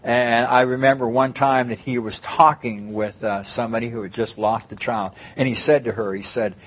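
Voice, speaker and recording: A man's voice: medium pitch, steady tone, moderate pace, slightly rough, dull audio. A man preaching a conversational Bible-teaching sermon, often repeating and restarting his phrases.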